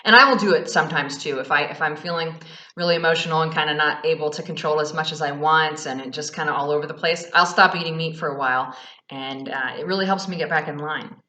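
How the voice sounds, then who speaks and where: A woman with a low, bright voice gives casual spiritual advice in a frank, earnest way, swearing now and then. Her voice carries a roomy echo. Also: fast talker. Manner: frank and earnest, with loose fillers and cursing. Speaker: Reiki practitioner and vlog host.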